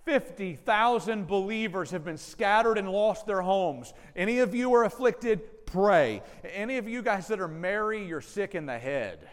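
A man's voice: high-pitched, unhurried, hardly any pauses. A man preaching a sermon as pastor, speaking earnestly and directly to his congregation. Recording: long hall reverb.

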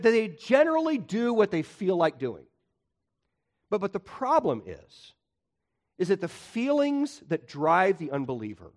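A male pastor preaching a Sunday morning sermon, emphatic, with frequent stuttered restarts, swinging between loud urgent points and hushed ones. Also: on the high side.

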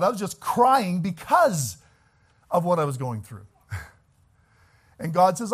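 A male preacher delivering a sermon, moving from slow, quiet reflection to loud, fervent exhortation that rises to shouts. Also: high voice, big pitch swings, slightly rough.

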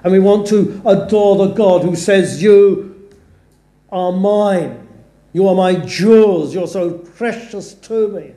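In a church or chapel, a man preaches a sermon earnestly, giving weight to the scripture he quotes. He has a high, warm voice and speaks slowly, and the room sounds echoey.

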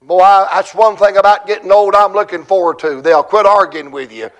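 A man in his sixties from Virginia preaching a conference sermon, with fervent rhythmic repetition that builds to shouted peaks. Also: high voice, fairly even intonation, fairly quick.

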